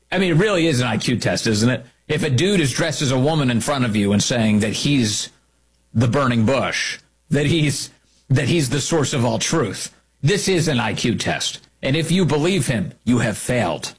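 Husky guy talk host ranting, leans on every point, says stuff twice. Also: mid-range voice, animated, normal speed. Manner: emphatic, repeats his points for effect. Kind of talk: opinionated talk show monologue.

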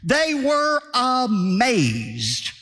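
A man's voice: very high-pitched, huge pitch swings, very slow, bright, forceful tone, long reverb tail, faint music behind. A male pastor delivering a sermon in an emphatic, declamatory way, driving points home by repetition.

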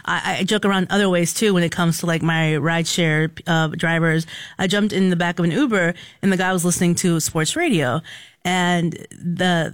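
Woman, radio co-host, animated storyteller, acts out voices, dry studio sound. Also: lowish voice, dry recording. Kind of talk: casual on-air storytelling. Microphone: studio microphone.

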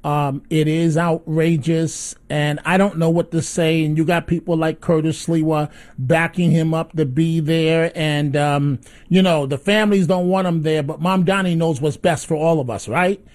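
A man's voice: a little high, fairly even intonation, moderate pace, few pauses, a little mellow. A man hosting call-in talk radio, upbeat and chatty, combative about politics. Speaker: radio talk show host.

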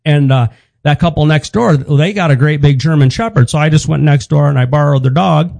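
A man puts on an older father who tinkers with wood and enjoys a beer. He rambles and restarts, bemused by his own schemes. The voice sits higher than the teller's own, with a dark, dry tone. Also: a little fast, gravelly, no echo. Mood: rambling.

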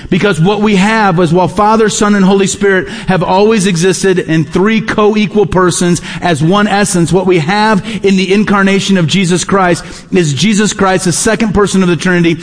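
A pastor preaching in a large church sanctuary. He is a man with a notably high voice, and he drives each point home by repeating it, sinking low at the close of his phrases. A long reverb from the hall trails behind every word. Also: fairly even intonation, normal speed, hardly any pauses. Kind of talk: sermon.

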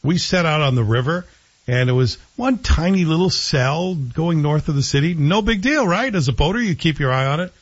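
A man hosting a radio talk show, chatty and jokey, telling stories with animated pacing. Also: fairly high pitch, moderate pace, lo-fi sound.

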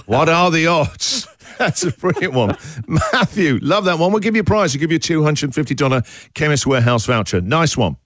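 Jokey lively radio host man. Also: a little high, no echo. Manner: jokey, quick quips, animated. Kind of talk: casual on-air chat with callers.

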